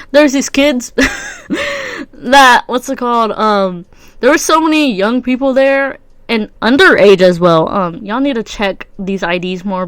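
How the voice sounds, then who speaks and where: A woman's voice: mid-range voice, a bit bright, dry recording. A young adult woman with a stuffy nose, hosting a rambling, slang-heavy solo podcast. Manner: slangy and rambling, many fillers. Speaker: podcast host. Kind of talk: casual solo podcast chat.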